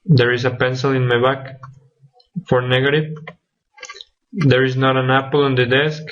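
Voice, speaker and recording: A man's voice: mid-range voice, little pitch movement, normal speed, a bit bright. A young man presenting a grammar lesson from slides as a student, listing examples one by one. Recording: dull lo-fi recording.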